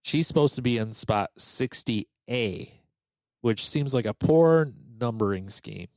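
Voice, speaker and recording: A man hosting a podcast tells a story casually and animatedly, acting out the voices of the people involved. His voice is medium-pitched and a little slow, recorded without echo.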